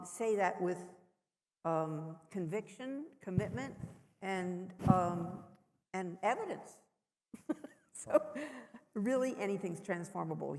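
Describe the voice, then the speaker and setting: A woman speaking on a conference panel, emphatic and full of conviction. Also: mid-range voice. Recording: reverberant conference hall.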